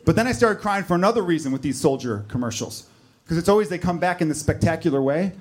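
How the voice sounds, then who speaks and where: A man's voice: on the high side, animated, quick pace. A man in his thirties performing a stand-up comedy set on a club stage, telling stories in a conversational, self-deprecating way.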